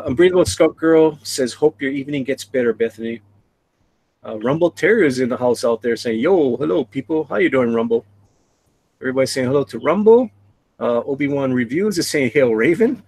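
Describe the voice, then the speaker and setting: Stream host, male, gravelly, dry close sound, chatty chat-reader. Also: mid-range voice, dry recording, rough recording. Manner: reads chat messages aloud, chatty. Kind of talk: casual live stream chat.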